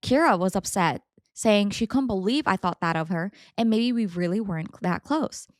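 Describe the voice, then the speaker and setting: A woman's voice: mid-range voice, lively intonation, normal speed, no echo. A young woman hosts a casual story podcast, reading posts and breaking off into dramatic, indignant asides. Her voice sits in a middle register. The sound is dry and close, with no room around it. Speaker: podcast co-host reading stories.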